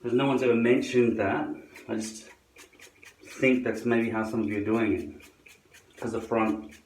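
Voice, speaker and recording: A man's voice: mid-range voice, little pitch movement, unhurried, darkish tone, far from the mic. Profane sardonic man in an echoey room. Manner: sardonic, profane, grumbling asides to viewers. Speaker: vlogger demonstrating a hairpiece. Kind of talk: casual how-to monologue to camera.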